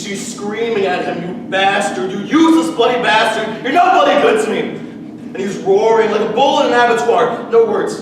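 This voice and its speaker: A man as a haunted son recounting his violent childhood, his voice pitched fairly high and grim. He is caught from a distance across an echoing hall, with noise underneath. It is a live stage monologue. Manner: grim, intense monologue delivery. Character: grown man reliving a brutal, drunken childhood home. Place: theatre stage. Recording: echoey hall, distant mic, audible noise.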